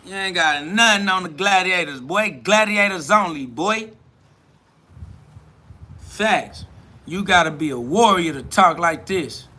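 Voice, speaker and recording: High bright-voiced guy on a live stream, cocky trash talk, preachy and repetitive. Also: lively intonation, unhurried, pauses often.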